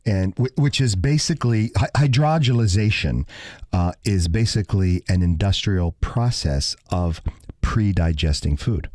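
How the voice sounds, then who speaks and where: A man's voice: deep voice, animated, a little slow, a little mellow, no echo, studio quality. A man hosting a radio talk show, chatting casually and explaining the ingredients he reads out.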